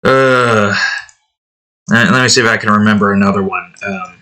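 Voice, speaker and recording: Pushed and bright, with a lowish pitch and moderate pace, this voice belongs to a young man chatting through his own drawing series. He wanders off-topic, fixes his sentences halfway and lets thoughts trail away.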